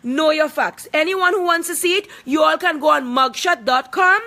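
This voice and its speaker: Fiery high-voiced woman. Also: moderate pace, pushed and bright. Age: 40s. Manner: confrontational, emphatic, repeating for emphasis. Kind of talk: angry personal video statement.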